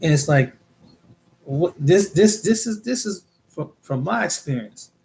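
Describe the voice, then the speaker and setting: A man's voice: on the high side, lively intonation, unhurried, vocal fry, a little mellow. A man from the United States talking in a casual monologue, rambling and repeating words as he tells his experiences. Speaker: vlogger.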